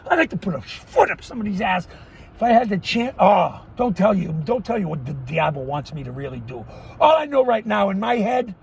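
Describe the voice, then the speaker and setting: A middle-aged man ranting in a profane, erratic monologue, often yelling and cursing. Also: high voice, breathy edge. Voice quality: yelling, foul-mouthed, erratic. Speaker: vlogger.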